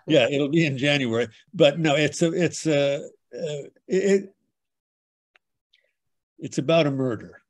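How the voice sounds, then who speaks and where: A man's voice: a little high, a little slow, pauses often, no echo. An older man hosting a book club over a video call, talking in a rambling, storytelling way full of restarts. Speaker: book club host and bookseller. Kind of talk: casual book club chat.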